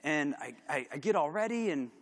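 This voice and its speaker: A middle-aged man giving a candid conference talk, animated and self-deprecating, with lots of fillers. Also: fairly high pitch, a little fast. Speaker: conference speaker. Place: large conference hall. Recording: long hall reverb.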